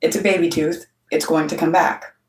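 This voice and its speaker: A woman's voice: low-pitched, fairly even intonation, moderate pace. Blunt middle-aged lady host, swears constantly, acts out what people said, roomy far-off sound. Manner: blunt, heavy swearing, storytelling with quoted voices. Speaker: channel host. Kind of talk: casual monologue to camera.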